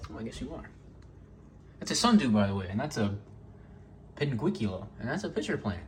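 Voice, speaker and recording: A man chats casually while filming himself at home, his thoughts wandering as he jokes and scolds his dogs. His voice sits in an ordinary middle range. The camera audio carries a clear layer of household noise. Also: medium pitch, sing-song, fairly quick, pauses often. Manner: rambling, joking, talks to his dogs. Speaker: vlogger. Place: home kitchen.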